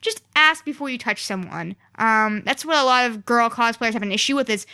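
A young woman, a guest cosplayer in a casual podcast interview, chatty and animated, acting out what fans say to her. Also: on the high side, fairly quick, smooth.

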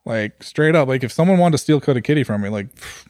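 A man's voice: mid-range voice, lively intonation, fast talker, darkish tone, dry recording, studio quality. A man co-hosting a podcast in casual chat, blunt and laid-back, swearing freely. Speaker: podcast co-host.

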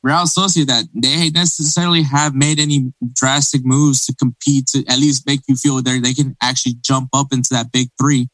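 A man's voice: mid-range voice, steady tone, moderate pace, few pauses, a bit bright, dry recording, low-quality recording. A man co-hosting a casual sports podcast, talking in rambling bursts full of restarts. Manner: rambling, many restarts and fillers. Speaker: podcast co-host.

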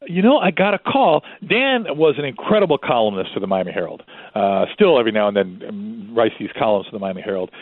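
A man's voice: on the low side, quick pace, no echo. A man in his fifties, a zoo spokesperson, telling a story as a guest and doing voices for the people in it. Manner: lively, does voices for people in his stories. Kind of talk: animated storytelling. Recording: dry tinny phone line.

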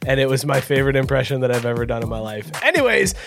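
A man's voice: medium pitch, big pitch swings, racing, creaky, a bit bright, faint music behind. A man co-hosting a casual podcast, talking about a beer in a teasing, loose way and swearing. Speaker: podcast co-host. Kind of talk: casual beer-review chat.

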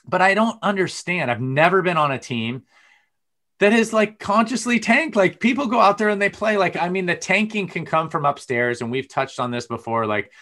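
A man hosting a casual sports podcast, rambling with fillers and getting excited as he goes. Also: sits high, normal speed. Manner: rambling, lots of fillers, gets loud and excited. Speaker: podcast host.

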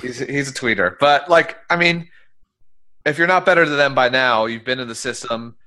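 A man's voice: medium pitch, moderate pace, bright, forceful tone. A man hosting a casual sports podcast, talking in a loose, opinionated way with fillers. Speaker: podcast host.

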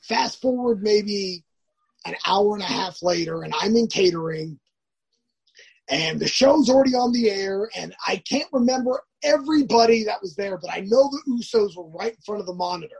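A man's voice: sits high, expressive, moderate pace, gravelly, a little mellow. A man, a professional wrestler as a guest, telling stories casually. He rambles, restarts often and acts out the lines of others. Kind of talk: casual storytelling.

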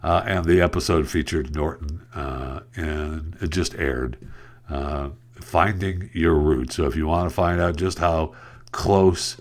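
A sarcastic man hosts a solo news podcast, talking in a very low, deep voice. He rambles from story to story and trips over words as he goes. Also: slow. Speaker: podcast host. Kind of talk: casual solo podcast commentary.

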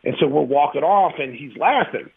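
A man in his fifties, a former pro basketball player, telling profane, animated stories in an interview with frequent laughs over a phone-like line. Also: a little high, normal speed, creaky, slightly rough. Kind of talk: casual storytelling interview.

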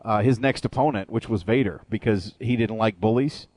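A man's voice: fairly low pitch, moderate pace, darkish tone, no echo. Profane ranting male radio host. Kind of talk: casual wrestling radio chat.

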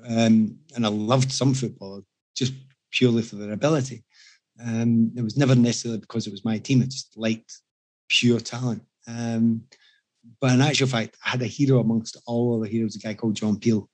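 A Scottish man chatting with friends, spinning lively, self-mocking stories with a husky, breathy voice. His pitch sits in the middle range for a man. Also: a little fast. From Scotland. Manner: animated anecdotes, self-mocking. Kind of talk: casual chat.

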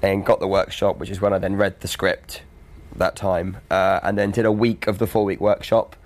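A man in his twenties, an actor guest, recounting events in a measured way with many fillers. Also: sits low, flat delivery. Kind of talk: casual interview chat.

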